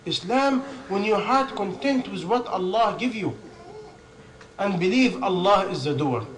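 A man's voice: high voice, expressive, a little slow, crowd noise, low-quality recording. A man preaching a sermon in non-native English, driving his points home with stacked lists and rhetorical questions.

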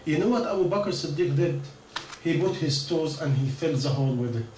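A man telling a story in a sermon, earnest, with halting non-native English, often putting questions to his listeners. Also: on the high side, expressive, darkish tone, slight background noise. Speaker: preacher. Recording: echoey room, mic at a distance.

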